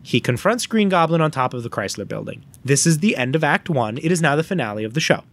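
A man's voice: a little high, fast. A man co-hosting a podcast in casual chat, telling a long story with energy and acting out the lines of the people in it. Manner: animated storyteller who acts out quoted lines. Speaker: podcast co-host.

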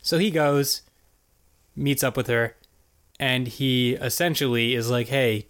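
A man's voice: mid-range voice, unhurried, fairly bright tone, smooth. A man co-hosting a podcast, recapping a cartoon episode in casual, rambling chat full of "like" and "basically". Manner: rambling, filler-heavy storytelling. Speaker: podcast co-host.

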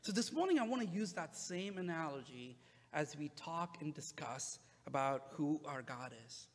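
A male pastor preaching a sermon in a relaxed, conversational way, with frequent "uh" fillers. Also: fairly high pitch, normal speed, big-room sound.

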